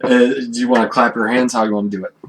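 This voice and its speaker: A man's voice: mid-range voice, flat delivery, quick pace, rough recording. A man running a tabletop game as game master, describing the scenes in an easygoing way and laughing often. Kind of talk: narrating a tabletop game over voice chat.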